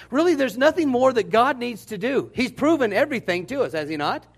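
A man preaching a Baptist sermon, telling the story in an animated, joking way. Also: very high voice, a little fast, hardly any pauses. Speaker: Baptist pastor.

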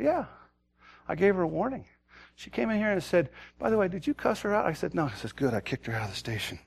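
Preaching at a quick pace in a mid-range, animated voice, a pastor moves from a quiet personal story into loud, urgent exhortation. He frequently repeats words when starting a thought.

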